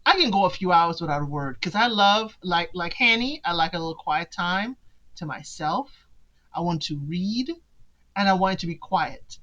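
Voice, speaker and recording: Bright-voiced chatty woman podcast host. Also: fairly low pitch, lively intonation, normal speed, highs cut off. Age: adult parent of sons. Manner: chatty, talks straight to listeners as "y'all", teasing asides. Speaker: podcast host recapping a reality show. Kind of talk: casual commentary chat.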